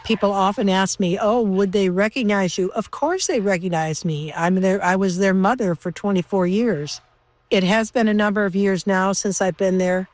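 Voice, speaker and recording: A woman's voice: medium pitch, moderate pace. Woman former researcher, emotional reminiscing. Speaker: former lab researcher interviewed. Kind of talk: documentary interview.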